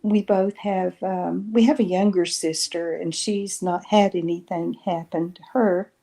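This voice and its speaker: Slow, mellow-voiced woman telling a story. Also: lowish voice, fairly even intonation. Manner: retells conversations with many "I said" and "she says", with soft fillers. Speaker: guest sharing paranormal experiences. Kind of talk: casual spoken storytelling.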